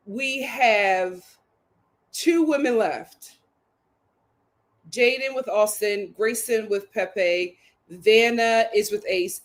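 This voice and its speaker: A woman recapping a reality dating show, laughing often and repeating lines for emphasis. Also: on the high side.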